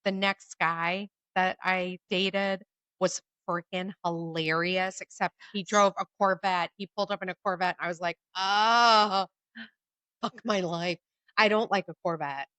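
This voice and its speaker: A middle-aged woman co-hosting a casual podcast, telling stories in an animated way and swearing freely. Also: on the low side, normal speed, smooth, dry recording. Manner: animated storyteller who acts out quotes, swears freely. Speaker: podcast co-host. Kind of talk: casual chat, storytelling.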